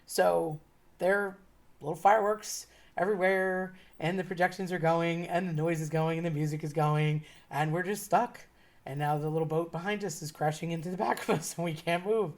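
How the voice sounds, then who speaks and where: A woman's voice: fairly low pitch, normal speed. A woman telling a casual personal anecdote in a chatty way, laughing now and then as she talks. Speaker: storyteller.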